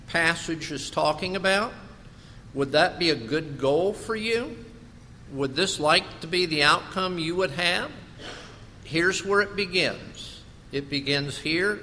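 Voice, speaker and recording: A pastor preaching a sermon, slow and emphatic, asking his congregation rhetorical questions. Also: on the high side, pushed and bright, in a large hall, a little hiss or hum.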